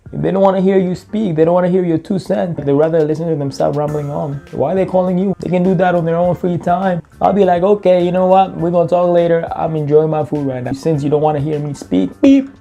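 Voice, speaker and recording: A man's voice: on the high side, gravelly, warm tone. A man giving casual commentary on a clip, asking rhetorical questions and ending points with "right?". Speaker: reaction video host. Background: faint background music.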